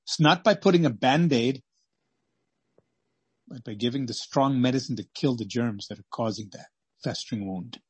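Impassioned husky-voiced male preacher. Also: mid-range voice, moderate pace, pauses often, no echo. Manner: impassioned, swings between loud exclamations and hushed pleading. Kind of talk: sermon with scripture reading.

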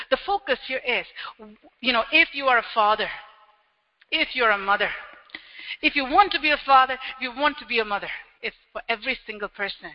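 A man preaching a sermon as pastor, animated and acting out everyday scenes with quick little quoted voices. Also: extremely high pitch. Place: church hall. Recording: dull lo-fi sound with long hall reverb.

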